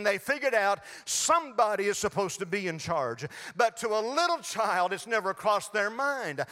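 A man's voice: high voice, animated, moderate pace, few pauses, bright, forceful tone, long reverb tail. An older man preaching a sermon in a folksy storytelling way, acting out little voices as he goes. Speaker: pastor.

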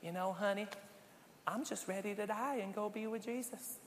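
A serene, very old church lady who speaks gently and calls everyone honey, as a male preacher puts her on in his own high voice. The words carry long reverb from a church hall. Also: normal speed, slight background noise, natural voice. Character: sweet elderly woman, calm, unafraid of death.

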